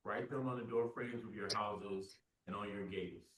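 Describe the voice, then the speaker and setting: A pastor reading a scripture passage aloud in a steady, measured way. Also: male voice, lowish voice. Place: church classroom. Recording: quiet, roomy, far from the mic.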